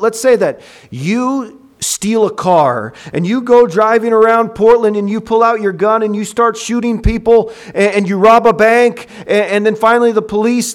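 High-voiced man preaching with passion. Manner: impassioned, acts out dialogue, swings between loud and soft. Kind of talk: sermon.

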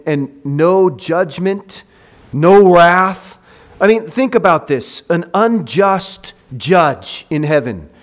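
A man preaching a sermon with passion, acting out short dialogues and swinging from loud to soft. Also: sits high.

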